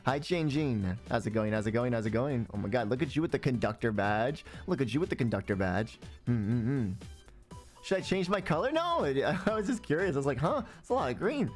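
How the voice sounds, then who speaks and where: A man's voice: mid-range voice, big pitch swings, a little fast, faint music behind. A man chatting casually on a livestream, playful and talkative, greeting viewers and humming between repeated words.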